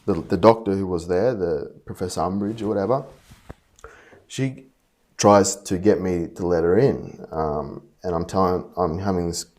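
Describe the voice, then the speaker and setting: A man telling a personal story in a rambling, halting way, frustrated and full of fillers and restarts. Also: low-pitched, darkish tone. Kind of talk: casual personal monologue.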